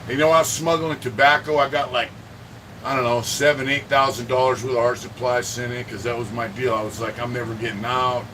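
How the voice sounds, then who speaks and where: Guy rambling on his livestream, swears a lot, shouts out viewers, mic kinda far off, ac humming. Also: medium pitch, steady tone, a little fast, background noise. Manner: profane, rambling, greets viewers by name. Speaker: livestream host. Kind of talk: casual livestream chat. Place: indoor home art studio.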